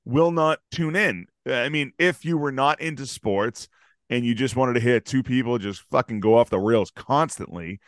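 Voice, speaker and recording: A man's voice: medium pitch, normal speed, no echo, studio quality. A man co-hosting a podcast in casual, jokey chat, sarcastic and swearing freely. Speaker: podcast co-host.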